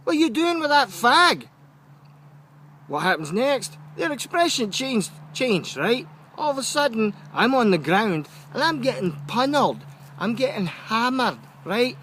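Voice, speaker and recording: A man with a Scottish accent telling a funny story in a lively, chatty rant, often checking in with the listener. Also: sits high. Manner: animated, keeps checking in with "right?".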